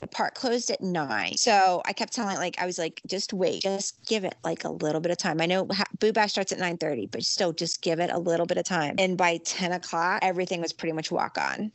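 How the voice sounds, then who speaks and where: A woman's voice: fairly quick, hardly any pauses, no echo. Chatty middle-aged woman telling a story. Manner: animated storyteller, acts out quoted lines in a high voice. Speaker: guest recounting a theme park trip. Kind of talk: casual chat.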